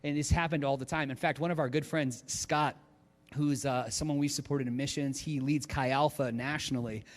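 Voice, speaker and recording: A man preaching as a pastor, telling a story in an animated, lively way in a large church auditorium. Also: medium pitch, normal speed. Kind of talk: storytelling sermon. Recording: long hall reverb.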